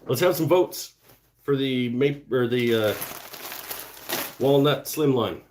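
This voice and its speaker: A man's voice: mid-range voice, slow pace, slight background noise. A man hosting a casual live stream from his home workshop, reading out viewer comments and muttering to himself as he works. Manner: relaxed, thinking aloud, muttering while working. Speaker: woodturning livestream host.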